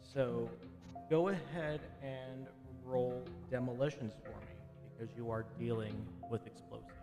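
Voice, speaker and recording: A man narrating a tabletop game as game master, in a relaxed, conversational way. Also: mid-range voice, measured pace, long reverb tail, music in the background.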